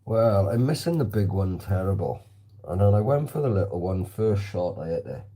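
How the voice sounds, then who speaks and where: A man's voice: low-pitched, very animated, normal speed, dark tone. A man vlogging casually while shooting targets with a slingshot, chatting and answering viewer comments. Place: indoor hallway.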